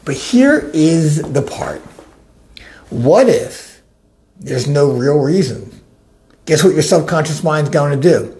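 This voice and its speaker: A life coach giving a motivational talk, animated and acting out the inner voices of listeners. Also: mid-range voice, takes it slowly, pauses often.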